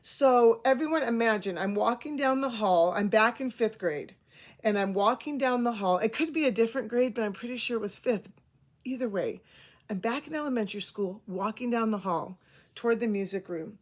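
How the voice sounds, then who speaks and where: A woman in her forties telling a story straight to her audience in a chatty, rambling way. Her voice sits a little high and stays casual, with self-aware asides. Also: moderate pace. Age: 40s. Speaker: host.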